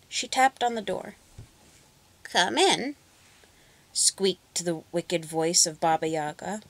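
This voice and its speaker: A woman reads a fairy tale aloud in an expressive, measured voice. Her pitch sits in the middle range. The recording is dry and close. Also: no echo. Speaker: storyteller. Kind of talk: storybook reading.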